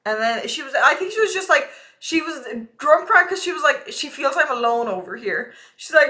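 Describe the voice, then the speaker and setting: A woman's voice: high voice, animated, normal speed, hardly any pauses, sharp tone. A young woman streaming live, chatting casually and ranting with a lot of swearing.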